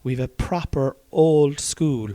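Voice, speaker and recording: An Irish comedian hosts a podcast from a study at home by an open fire, chatting casually, rambling and swearing often. His voice is a little high and mellow, with a slow pace.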